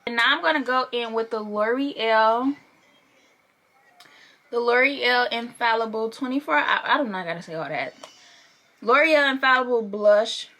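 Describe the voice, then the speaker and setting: A woman's voice: a little high, normal speed, long pauses, pushed and bright. A young woman chatting casually through a makeup tutorial, playful and a bit profane, laughing as she goes. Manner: chatty and playful, swears and laughs while working. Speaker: beauty vlogger.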